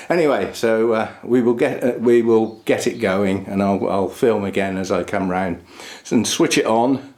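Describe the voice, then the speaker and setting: A man's voice: fairly low pitch, darkish tone. A man giving a casual, chatty walkthrough inside a small greenhouse, chuckling at his own jokes and talking into a handheld camera mic. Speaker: orchid grower vlogger.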